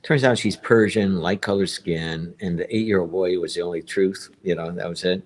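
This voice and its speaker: A man in his fifties with a notably deep, low voice, talking casually on a live stream. He tells his personal story in a rambling way, doubling back over points and repeating himself. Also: fairly even intonation, normal speed. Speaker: guest telling his story.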